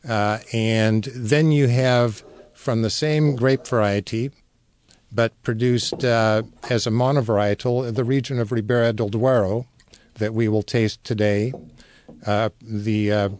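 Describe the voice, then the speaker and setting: A man guest on a radio show explaining wines in a knowledgeable, measured way with many fillers. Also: fairly low pitch, steady tone, a little mellow. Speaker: wine importer guest. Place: radio studio.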